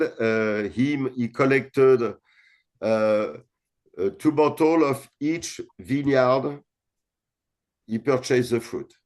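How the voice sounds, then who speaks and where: French-accented winemaker, dark mellow voice. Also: male voice, mid-range voice. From France. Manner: frequent uh fillers, blunt and swearing. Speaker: winemaker guest. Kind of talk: casual interview chat.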